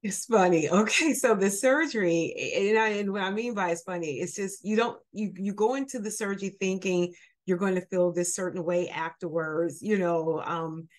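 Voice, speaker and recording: A woman's voice: fairly low pitch, normal speed. A woman guest telling a personal story in an earnest, candid way, with fillers and restarts. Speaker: guest sharing her story.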